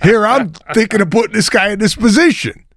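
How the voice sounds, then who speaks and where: A man's voice: high-pitched, expressive, brisk, fairly bright tone, dry recording. A middle-aged man co-hosting a podcast, chatting casually and acting out both sides of conversations as he tells stories. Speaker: podcast co-host. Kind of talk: casual chat.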